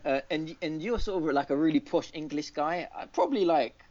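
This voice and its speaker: A man's voice: on the high side, brisk, a little mellow. A man co-hosting a gaming podcast, rambling through casual chat with lots of fillers and restarts. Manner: rambling, filler-heavy retelling with many restarts. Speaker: podcast co-host. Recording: dull lo-fi podcast audio.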